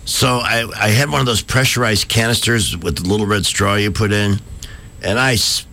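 Gravelly, rambling radio host man. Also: lowish voice, moderate pace, bright, forceful tone. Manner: rambling, self-deprecating storytelling. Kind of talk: casual morning radio chat. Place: radio studio.

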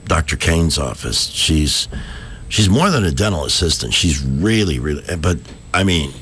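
A man's voice: very deep voice, animated, normal speed, a bit bright, slight background noise. A man hosting a local radio show from the studio, rambling and self-deprecating as he tells stories. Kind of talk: casual morning radio chat.

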